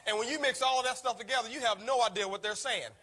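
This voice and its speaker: A man delivers a motivational talk at a brisk, rapid clip. His voice sits high and sounds bright and forceful. He tells his story with energy and keeps calling his listeners "guys.". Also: a little hiss or hum. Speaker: network marketing speaker.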